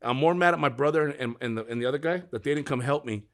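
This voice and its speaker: Brief: quick-talking middle-aged man, agent in a loose chat, lively storyteller who cusses a lot. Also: mid-range voice. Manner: fast, animated storyteller, swears freely. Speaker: music agent. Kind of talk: casual interview chat.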